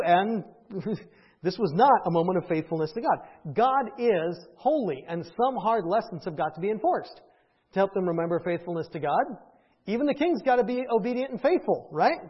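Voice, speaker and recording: A man's voice: high voice, very animated, moderate pace, husky, dull audio. A man preaching a conversational sermon who keeps asking the congregation questions and tagging on "right?". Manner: conversational, asks the audience questions, often adds "right?". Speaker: pastor.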